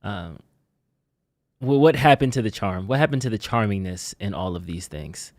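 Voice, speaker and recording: A man's voice: fairly low pitch, lively intonation, normal speed, no echo. Playful male co-host, dry mic. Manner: playful, laughs often. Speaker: co-host reading the chat. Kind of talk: casual live show chat.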